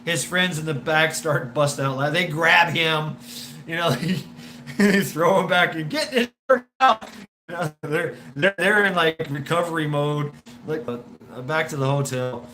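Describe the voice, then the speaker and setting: A man's voice: on the high side, pushed and bright, a little hiss or hum. Profane, laughing man rambling a story. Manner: halting, repeats words, profane, laughs often. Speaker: storyteller recounting a personal anecdote.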